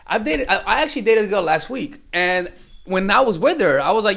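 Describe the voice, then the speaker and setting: A man's voice: high-pitched, brisk, creaky. A young man coaching women on dating, talking bluntly and with profanity, acting out bits of dialogue. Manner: blunt, profane, animated, acts out quoted dialogue. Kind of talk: direct-to-camera advice talk.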